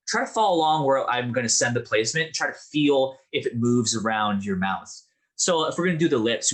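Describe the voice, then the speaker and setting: A man's voice: mid-range voice, lively intonation, normal speed, fairly bright tone, slightly rough. A man teaching an online acting class, explaining and demonstrating voices in a friendly way. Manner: friendly, demonstrative, with vocal sounds and asides.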